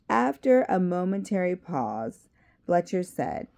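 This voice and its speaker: Low, gravelly woman reading aloud. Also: a little mellow. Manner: measured, with side remarks. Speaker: reader of a self-help book.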